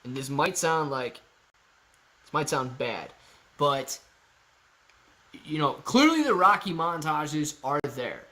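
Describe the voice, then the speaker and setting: A man's voice: fairly high pitch, animated, takes it slowly, pauses often, sharp tone. A man hosting a casual livestream, reading viewer comments aloud and answering them in a playful, joking way. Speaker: livestream host.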